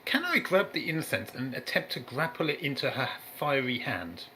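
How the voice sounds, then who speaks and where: Bright, playful male player. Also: mid-range voice, big pitch swings, moderate pace, a little hiss or hum. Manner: playful, dramatic describing his character's actions. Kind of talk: tabletop game play and narration.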